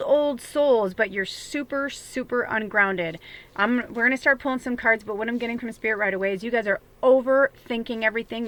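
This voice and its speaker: A woman's voice: mid-range voice, pushed and bright. A woman giving a casual spiritual tarot reading, chatty and rambling, with many fillers and an occasional swear. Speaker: tarot reader.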